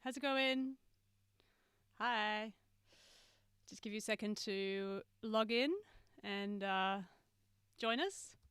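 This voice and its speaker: A woman teaches a live online masterclass from her studio, chatting loosely with viewers and filling pauses with ums and uhs. Her voice is smooth and clear, set at a middling pitch. The sound is dry and close, with little room around it. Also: fairly bright tone, no room sound. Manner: chatty, greets viewers by name, many fillers. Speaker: mixing engineer hosting a livestream masterclass. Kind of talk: casual livestream teaching. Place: studio with a mixing desk. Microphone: webcam and computer mic on a video stream.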